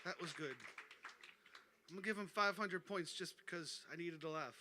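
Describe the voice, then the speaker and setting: A man's voice: high voice, moderate pace, a crowd in the background, background noise. A man hosting an open mic, upbeat and hyping up the next acts from a small club stage. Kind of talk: stage emcee announcements.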